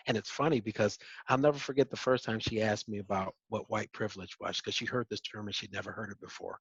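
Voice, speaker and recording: A man's voice: on the low side, fairly even intonation, quick pace, hardly any pauses, husky, no echo, muffled recording. A man hosting a panel discussion, speaking conversationally with many stammering restarts. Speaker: host.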